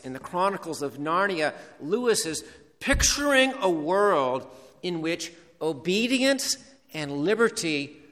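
A male preacher delivers a sermon slowly and deliberately, leaning on key words. His voice is bright and a bit high, carried by the long reverb of a hall.

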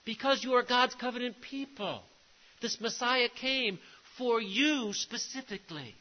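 Male preacher, higher than usual pitch, emphatic sermon delivery, muffled lo-fi recording. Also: a little slow. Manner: emphatic preaching, repeats key phrases, drops to a hush on grave lines.

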